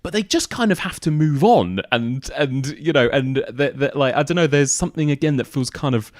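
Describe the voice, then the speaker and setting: A man's voice: mid-range voice, animated, a little fast, no echo, studio quality. A man hosting a podcast, chatting casually about films and listing examples, with plenty of fillers. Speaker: podcast host. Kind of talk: casual film discussion.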